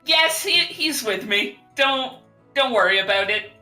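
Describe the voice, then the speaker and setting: Bright, slow-talking woman player in a roomy space. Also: fairly high pitch, animated, far from the mic, faint music behind. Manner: joking, blunt, laughs while talking. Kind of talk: casual tabletop role-play.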